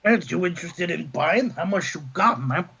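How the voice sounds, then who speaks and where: A man's voice: sits high, expressive, normal speed, vocal fry, noisy background. A man doing a cocky, slick hustler. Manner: laid-back, tosses in "man" constantly.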